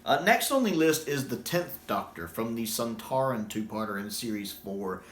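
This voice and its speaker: A man giving casual, enthusiastic fan commentary, getting animated when he quotes lines. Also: mid-range voice, normal speed, slight background noise. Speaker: YouTube commentator. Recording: roomy echo.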